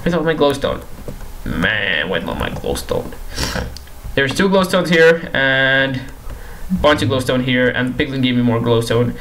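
A man's voice: mid-range voice, fairly even intonation, normal speed, fairly bright tone, a little hiss or hum, rough recording. A young man giving casual commentary while playing a game, pleading with and teasing the characters on screen and repeating himself in exasperation. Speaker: gaming YouTuber.

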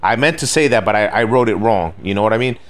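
A middle-aged man with a lowish voice tells a story in a loose, rambling rant. He swears freely and keeps dropping "you know what I mean" as he goes. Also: lively intonation, quick pace. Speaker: gaming video host.

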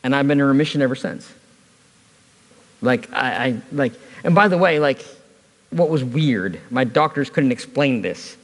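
A man's voice: mid-range voice, lively intonation, moderate pace, in a large hall. A man preaching a sermon at a church service, telling a personal story in a conversational way with touches of humor.

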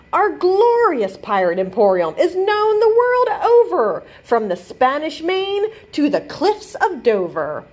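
Woman librarian, bedtime storytime host; bright higher voice, very expressive melody, unhurried sing-song reading. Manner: animated, sing-song rhyming delivery. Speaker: children's librarian. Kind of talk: bedtime storytime read-aloud.

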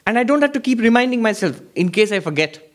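A man with a notably high voice teaches at a meditation retreat. He speaks emphatically, repeating key points and asking questions of his listeners before answering them himself. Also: expressive, fast. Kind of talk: spiritual lecture. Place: retreat hall before an audience.

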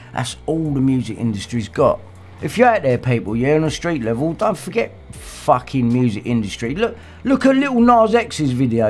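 Angry, profane man, animated livestream host mid-rant. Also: on the high side. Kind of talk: casual rant.

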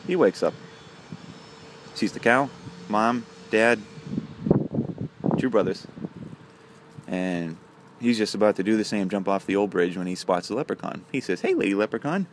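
A man's voice: on the low side, unhurried, pauses often, noisy background. A man casually telling a long joke on his channel, rambling with many fillers. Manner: rambling, filler-heavy delivery.

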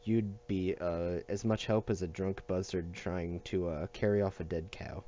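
A gruff, methodical older man who speaks low and halting, as a male reader puts him on. His words come out in a dark, mellow mumble on a dull, muffled recording. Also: steady tone, a little hiss or hum.

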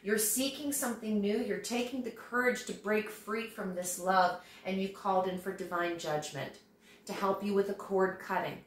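A woman's voice: mid-range voice, normal speed. A woman giving a tarot reading to her viewers, talking in a chatty, reassuring way. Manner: conversational, reassuring, acts out quoted voices. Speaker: tarot reader. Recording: roomy echo.

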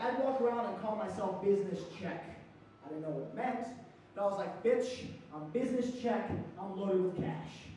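A man doing a stand-up comedy set, telling stories brashly and shouting out quoted lines. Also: high-pitched, a little hiss or hum. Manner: brash storytelling with loud acted-out quotes. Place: comedy stage. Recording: echoey room, mic far off, faint ambience.

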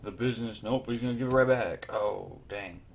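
A man giving casual, joking let's play commentary, reacting excitedly to the game and trash-talking his opponent. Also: on the low side, a little fast, vocal fry, crowd noise. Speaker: gaming YouTuber.

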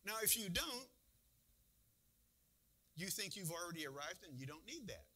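A man's voice: high-pitched, big pitch swings, normal speed, sharp tone. A man preaching a conversational sermon as a church pastor, full of rhetorical questions.

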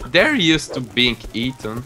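A young man with a bright, sharp voice that leaps around in pitch, talking at an unhurried pace. He jokes and laughs through casual gameplay banter over faint background music. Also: big pitch swings. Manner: laughs often, joking banter. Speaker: gameplay co-host. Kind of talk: casual let's-play commentary.

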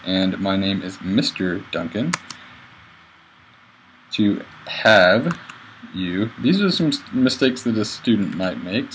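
Casting: a low-voiced male teacher for a computer-mic screencast, plain and halting. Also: a little hiss or hum, poor audio. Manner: plain, a bit halting, narrating his clicks. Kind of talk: screencast tutorial.

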